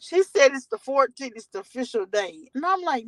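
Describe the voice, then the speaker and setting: A woman's voice: sits high, sing-song, normal speed, a bit bright, no room sound, low-quality recording. A woman vlogging from her car, telling a rambling, profane story to her viewers.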